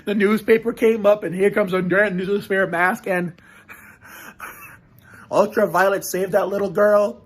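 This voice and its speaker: A man's voice: sits high, a bit bright. A man casually reacting to a show on camera, rambling with frequent restarts and swearing. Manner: rambling, profane, many restarts.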